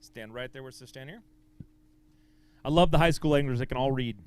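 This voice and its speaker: A man emceeing a fishing tournament weigh-in outdoors, booming out weights and angler names in an upbeat, lively way over a handheld microphone. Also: brisk, clean tone, no room sound. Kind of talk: live weigh-in announcing.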